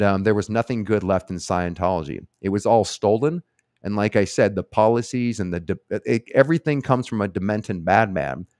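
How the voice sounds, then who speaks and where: A man's voice: on the low side, dry recording, clean studio sound. Rambling, profane man hosting a live stream.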